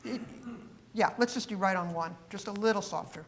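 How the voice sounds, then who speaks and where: A woman teaching a masterclass, coaching a chamber group with warm praise and short instructions between playing. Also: mid-range voice, fairly quick, slight background noise. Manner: encouraging, praising often. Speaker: harp teacher leading a masterclass. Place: rehearsal room with instruments.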